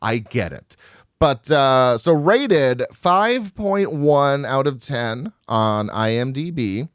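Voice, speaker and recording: A man co-hosting a horror film podcast in casual chat, animated and quick to laugh as he reads out reviews. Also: medium pitch, clear, resonant tone, no room sound, studio quality. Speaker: podcast co-host.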